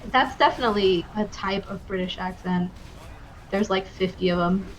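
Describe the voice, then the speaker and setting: A woman chimes in on game voice chat with curious questions. Her audio is dull and lo-fi, with a mid pitch. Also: normal speed. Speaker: raid member. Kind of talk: casual voice chat during a game raid.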